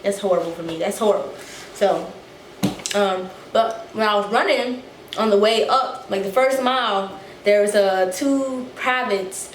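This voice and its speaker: A young woman telling a casual story to her vlog viewers, animated and a little out of breath, acting out the quotes. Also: medium pitch, measured pace. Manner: animated, acts out quotes, swears freely. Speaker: vlogger. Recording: echoey room, faint noise.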